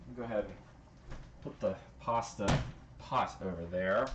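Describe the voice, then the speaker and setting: A man with a fairly low voice talks his way through cooking on a livestream, relaxed and full of fillers. His kitchen sounds echoey, with loud noise behind him. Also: normal speed, muffled recording. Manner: relaxed running commentary while cooking, with fillers. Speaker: livestream host. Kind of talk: casual cooking livestream chat. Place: home kitchen.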